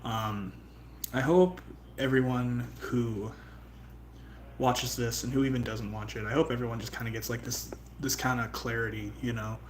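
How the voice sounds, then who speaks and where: A man's voice: mid-range voice, level tone, moderate pace, slight background noise. A young man streaming live, talking in a casual, profane, rambling way that turns heartfelt. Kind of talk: casual livestream chat.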